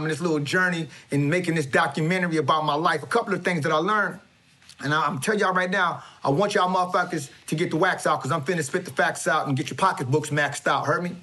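A man's voice: a little high, pushed and bright. Swaggering preachy man, stammering restarts. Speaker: comedic motivational speaker character. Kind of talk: comedy sketch monologue.

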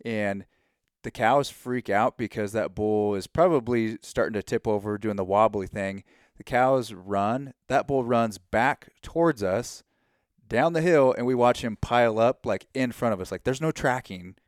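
A man co-hosting a podcast, recounting a hunt in a relaxed, conversational way. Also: fairly low pitch, unhurried, no echo, clean studio sound. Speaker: podcast co-host. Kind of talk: casual hunting story.

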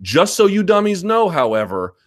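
A man's voice: high voice, sing-song, normal speed. A male host of a sports live chat, answering viewer comments in an emphatic, argumentative way and repeating his points.

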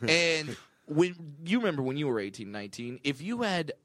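A man's voice: on the high side, sing-song, moderate pace, a bit bright, no room sound, clean studio sound. Stammering man telling a story. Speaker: comedian co-host. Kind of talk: casual radio banter.

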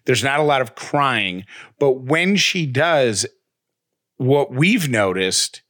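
A man in his thirties co-hosting a podcast, telling stories in a lively, animated way. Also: takes it slowly, no echo, clean studio sound. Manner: animated storytelling, breaks into high voices for quotes. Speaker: podcast co-host. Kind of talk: casual chat.

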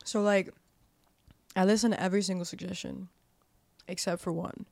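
A woman's voice: mid-range voice, steady tone, moderate pace, creaky, a little mellow, no room sound. A woman in her twenties, a podcast guest, telling stories in casual talk, swearing often, leaning on "like" and acting out quoted dialogue. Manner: profane, heavy use of "like". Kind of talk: casual storytelling.

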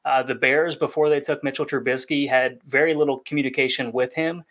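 A man speaking in a measured, explanatory way as a podcast analyst. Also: medium pitch, steady tone, fairly bright tone. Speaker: draft analyst. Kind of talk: podcast discussion.

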